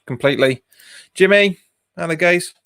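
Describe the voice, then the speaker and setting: A man's voice: high-pitched, moderate pace, a bit bright, clear, resonant tone. A man, hosting a football watch-along stream, chatting casually, laughing often and reading out viewer comments. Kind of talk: casual live commentary and chat.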